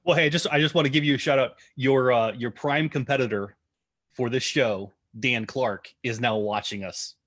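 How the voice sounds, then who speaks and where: An easygoing male host at a middle pitch, talking casually on a live show. He speaks in loose, halting phrases full of fillers. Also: no room sound, studio quality. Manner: relaxed, halting, lots of fillers and shout-outs. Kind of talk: casual livestream interview.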